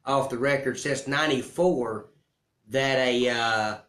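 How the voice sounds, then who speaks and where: A man hosting a casual interview who asks halting, hesitant questions. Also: medium pitch, fairly bright tone. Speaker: interview host. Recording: echoey room.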